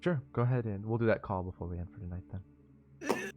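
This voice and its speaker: A man's voice: lowish voice, huge pitch swings, brisk, music in the background. Joking man running a tabletop game. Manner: self-deprecating, joking. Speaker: game master. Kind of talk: casual chat.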